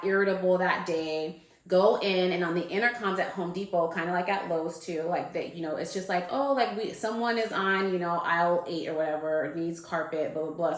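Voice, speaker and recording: A woman's voice: on the low side, fairly bright tone. A woman telling a personal story in a loose, chatty way, full of fillers like "like" and "um". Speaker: guest. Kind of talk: casual storytelling. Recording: echoey room.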